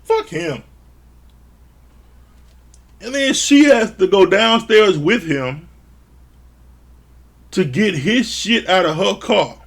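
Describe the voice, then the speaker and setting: A man recapping a reality show in a casual, blunt and profane way, sounding exasperated. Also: sits high. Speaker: show reviewer.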